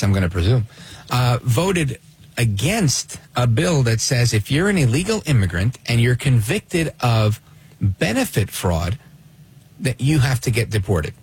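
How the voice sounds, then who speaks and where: A man's voice: mid-range voice, vocal fry, slightly rough. A man hosting a talk radio show, delivering an opinionated, sardonic monologue and reacting to clips he plays.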